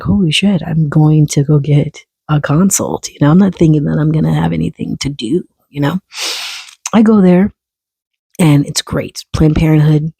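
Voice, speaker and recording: A man spins a casual story straight to the camera, swearing freely and loosely animated. His voice sits in a gravelly, husky register with a warm, mellow tone. The sound is dry and close, with no room around it. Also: on the high side, no echo. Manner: profane, candid and animated. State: early on testosterone. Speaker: vlogger.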